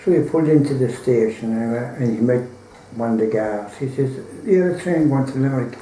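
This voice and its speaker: A man's voice: medium pitch, brisk, mellow, roomy sound, a little hiss or hum, poor audio. An Irish man telling a folk tale in a rambling, colloquial way, full of swearing. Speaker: storyteller.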